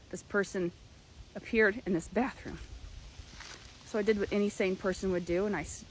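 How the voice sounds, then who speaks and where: A woman's voice: medium pitch, slight background noise, rough recording. Young woman telling a true story. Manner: earnest, emphatic storytelling. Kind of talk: personal story told to camera.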